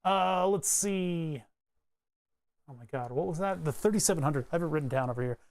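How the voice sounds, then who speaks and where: A man giving a casual electronics tutorial, thinking aloud as he traces a circuit board, rambling and joking and grumbling wryly about his software. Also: fairly high pitch, expressive, racing. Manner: rambling, joking, mutters while drawing. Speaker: electronics hobbyist explaining circuit tracing.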